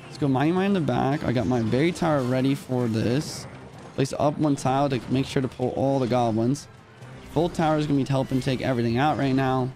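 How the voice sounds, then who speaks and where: A young man streaming a mobile game, calling out each move in quick play-by-play while a little short on sleep. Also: medium pitch, mellow. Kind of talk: live gameplay commentary.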